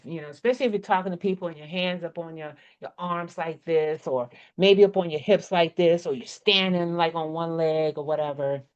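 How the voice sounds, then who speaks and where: Black lady teaching a workshop over a call, lowish voice, kinda dull muffled audio, laughs a lot. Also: darkish tone, smooth. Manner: chatty, laughs often, acts out tones. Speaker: workshop presenter. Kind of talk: casual teaching talk.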